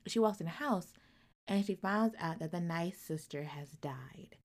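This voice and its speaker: Woman recapping a book, lowish voice, acts out the lines, gets loud and chatty with her asides. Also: measured pace. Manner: animated storytelling, acting out characters' lines, loud outbursts. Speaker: book reviewer.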